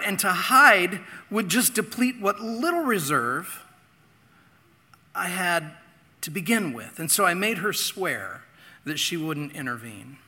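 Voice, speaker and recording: A middle-aged man telling a childhood story in a sermon, earnest, with dramatic pauses and repeated phrases. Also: high-pitched, bright, forceful tone, slightly rough. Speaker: pastor. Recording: long hall reverb.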